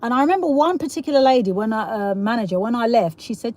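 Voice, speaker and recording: A woman's voice: on the high side, fast, a little mellow. A middle-aged woman with a South East London accent, hosting a casual live stream: chatty and rambling, laughing often and reading viewer comments aloud. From England. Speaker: livestream host.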